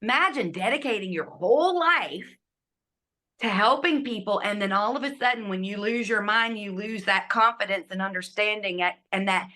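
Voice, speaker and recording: A middle-aged woman, a guest telling a personal story with lively delivery and hushed asides. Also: mid-range voice, moderate pace. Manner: animated, acts out quotes, drops to hushed asides.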